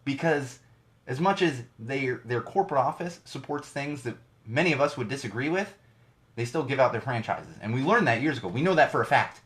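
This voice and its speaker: A man's voice: medium pitch, expressive, brisk, fairly bright tone. A middle-aged man hosting his own podcast from a home studio, giving ranty, digressive solo commentary with lots of emphasis. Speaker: podcast host.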